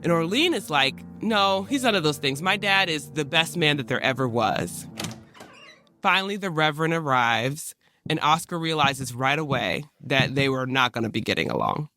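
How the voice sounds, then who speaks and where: A man's voice: fairly high pitch, big pitch swings, moderate pace, pushed and bright, faint music behind. A man hosting a podcast, retelling a historical story in casual modern slang and briefly acting out the people in it. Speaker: podcast host.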